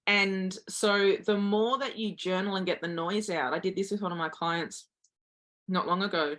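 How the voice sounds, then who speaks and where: A woman's voice: medium pitch, fairly even intonation, moderate pace, a bit bright. A woman guest giving earnest motivational advice, speaking directly to listeners as a confidence coach.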